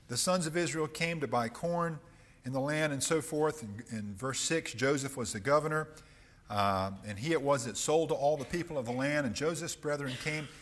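Middle-aged male Bible teacher, animated delivery, long hall reverb. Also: medium pitch. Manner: reads King James verses aloud, pauses to explain. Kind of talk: sermon with scripture reading.

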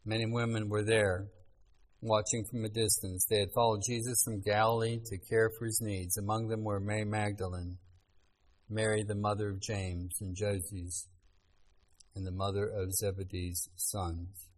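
A man delivers a sermon, reading scripture aloud with earnest, measured phrasing. His voice sits on the low side. He pauses to let the passages land. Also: little pitch movement, low-quality recording. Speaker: preacher.

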